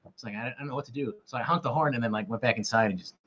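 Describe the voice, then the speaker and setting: Hosting a laid-back trivia stream, a man rambles and jokes at his own expense. He speaks rapid-fire at medium pitch, fairly bright with a breathy edge, and the camera mic yields dull lo-fi sound.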